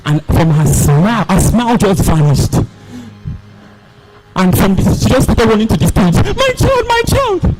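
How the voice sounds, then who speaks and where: A young man performing a dramatic spoken-word story in an animated, theatrical way. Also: high voice, moderate pace, long pauses, rough recording. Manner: animated, theatrical, voices the characters.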